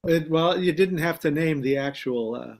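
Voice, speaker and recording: A man's voice: a little high, moderate pace. A man reading out trivia questions as a guest quizmaster, easygoing and chuckling.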